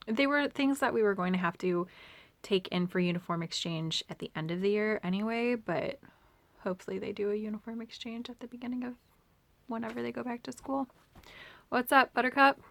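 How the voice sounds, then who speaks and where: A woman's voice: on the high side, a little fast, gravelly, a bit bright, dry recording. A woman chatting casually at home in a vlog, rambling and sometimes dropping to a near-whisper. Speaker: vlogger and homeschooling mom.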